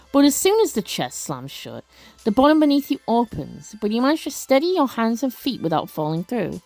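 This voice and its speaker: A woman's voice: medium pitch, a little mellow, no room sound. Chatty woman narrating a game. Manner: chatty, self-correcting, stumbles over words. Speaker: let's play narrator. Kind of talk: casual game narration, reading aloud.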